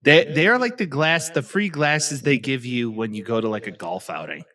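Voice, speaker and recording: A young man co-hosts a casual sports podcast, ribbing his friend with a joking, teasing manner. His voice swings widely in pitch as he talks. The recording is dry and close, with almost no room sound. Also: expressive, moderate pace, bright, forceful tone, dry recording. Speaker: podcast co-host.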